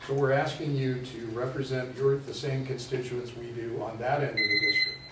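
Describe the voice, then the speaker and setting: Man speaking haltingly in a roomy hall. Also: medium pitch, fairly even intonation. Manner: earnest, halting, deliberate. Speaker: resident speaking at public comment. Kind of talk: public comment at a school board meeting. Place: large meeting room. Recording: roomy hall, mic at a distance, faint noise.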